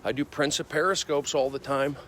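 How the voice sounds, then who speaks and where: A male comedian livestreaming on his phone while walking city streets, rambling excitably with repetitive bursts of loud emphasis. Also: fairly high pitch, fairly quick, a little hiss or hum. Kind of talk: rambling walk-and-talk livestream.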